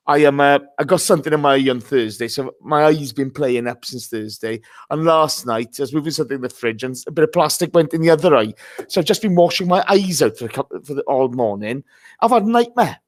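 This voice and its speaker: An English man hosting a casual football podcast, chatty and jokey, swearing freely. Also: a little high. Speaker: podcast host.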